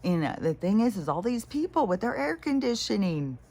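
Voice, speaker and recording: A woman's voice: mid-range voice, very animated, a little fast, dark tone. A middle-aged woman talking through a rambling spiritual vlog, full of fillers, restarts and casual swearing. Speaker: spiritual vlogger.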